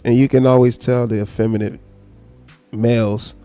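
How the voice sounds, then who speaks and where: A man hosting a live stream, giving casual commentary in a calm, low, unhurried tone, blunt and profane. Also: clear, resonant tone, soft background music.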